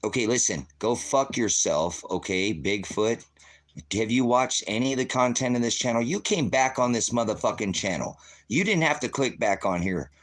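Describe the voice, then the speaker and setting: A middle-aged man rants at the viewers of his own channel at a normal pace, his mid-range voice carrying a profane, combative, meandering monologue.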